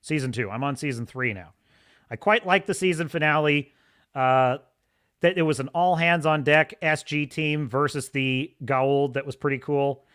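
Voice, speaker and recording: A man's voice: on the high side, normal speed, a bit bright, clear, resonant tone. A man hosting a livestream podcast, chatting casually and enthusiastically, rambling and laughing often. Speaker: podcast host.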